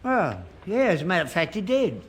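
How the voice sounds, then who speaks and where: A man's voice: high-pitched, wildly swooping pitch, brisk. An actor playing a gullible elderly father who talks earnestly about seances, in a broadcast sitcom. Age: older. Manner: earnest, credulous, indignant.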